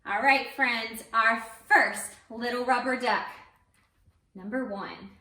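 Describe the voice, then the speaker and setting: A young woman with a fairly high, pushed, bright voice speaks slowly, recorded off-mic in a roomy space. She's a teaching artist leading an interactive story time for babies and their grown-ups. She coaxes them to join in with a sing-song delivery.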